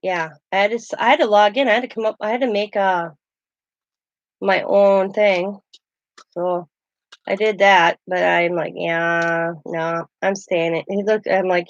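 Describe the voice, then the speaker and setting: A woman's voice: medium pitch, fairly even intonation, a little slow, no room sound. A woman hosting a casual craft livestream, chatty and rambling as she talks to her chat while she works. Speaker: craft channel host. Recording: dull lo-fi dry sound.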